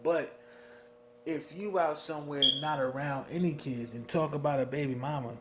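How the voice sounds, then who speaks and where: A young man from New Jersey venting about being a father in a casual monologue, animated, with lots of "you know what I mean". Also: normal speed, heavy background noise. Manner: animated, swings loud and high when worked up, frequent "you know what I mean". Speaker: vlogger talking about fatherhood.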